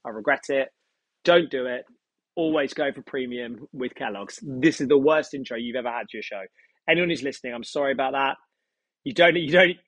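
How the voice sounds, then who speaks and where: A young man, a startup founder and podcast guest, chatting casually with animated, swearing, joking rambles. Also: medium pitch, no room sound. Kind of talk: casual chat.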